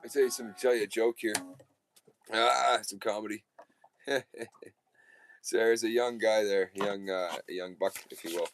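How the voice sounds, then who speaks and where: A man's voice: lowish voice, steady tone, normal speed, long pauses, soft background music. A man hosting a live radio show, telling a joke in a rambling, folksy way and correcting himself as he goes. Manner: rambling, self-correcting, peppered with "uh" and "there".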